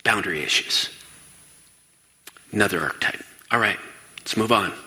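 Energetic man with a bright voice in a reverberant hall. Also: fairly low pitch, moderate pace. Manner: energetic, asks the audience questions and acts out quoted voices. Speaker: speaker addressing an audience. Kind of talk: lively stage talk. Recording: long reverb of a large hall.

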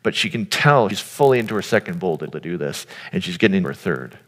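A man's voice: low-pitched, animated, fast, a bit bright. A man giving an earnest, informal sermon, speaking directly to his audience. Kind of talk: conversational sermon. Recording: long hall reverb.

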